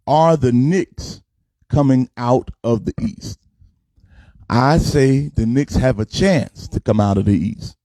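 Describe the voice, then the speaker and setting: Emphatic pastor talking sports, mellow voice. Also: male voice, medium pitch, no echo. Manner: emphatic, folksy, repeats himself. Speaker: pastor and sports show host. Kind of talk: casual livestream sports chat.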